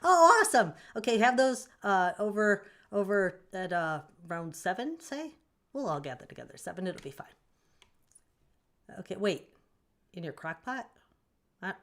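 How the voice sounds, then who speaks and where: A woman with a Southern US accent, hosting her own livestream and chatting with viewers, playful and quick to laugh. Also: mid-range voice, very animated, fairly bright tone. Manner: chatty, bursts into laughter, playful mock scolding. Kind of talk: casual livestream chat reading comments.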